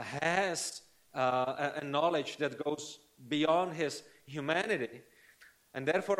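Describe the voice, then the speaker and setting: Brief: male preacher, slightly high voice, earnest and conversational sermon delivery. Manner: earnest, conversational, frequent tag questions.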